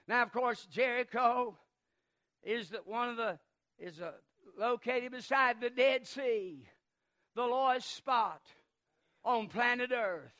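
A man preaching a sermon, impassioned and swelling into shouts. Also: extremely high pitch, lively intonation, a little slow.

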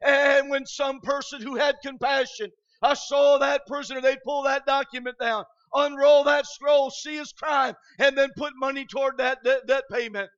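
A man from Michigan preaching an impassioned revival sermon, often shouting and filling pauses with "uh". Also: very high-pitched, fairly even intonation. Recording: dull lo-fi recording.

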